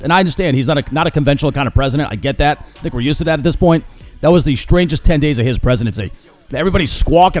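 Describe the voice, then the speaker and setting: A man hosting a solo podcast, ranting with sarcasm and mockery about current events. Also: mid-range voice. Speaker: podcast host. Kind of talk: opinionated solo commentary.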